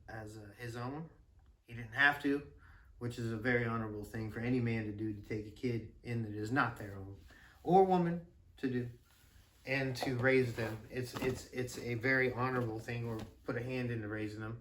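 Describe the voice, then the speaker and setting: A man with a bright, forceful tone tells stories to his son in a loose, rambling way, often laughing and drifting off track. The room is echoey and the mic sits some distance away. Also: mid-range voice. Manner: rambling, animated, quick to laugh, with many restarts and fillers. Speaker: podcast host and father. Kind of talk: casual storytelling chat.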